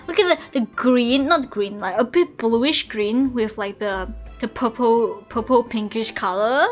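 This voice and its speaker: A young woman streaming a game, reading lines aloud and reacting with excited squeals and swearing. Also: on the high side, a little slow, few pauses, faint music behind.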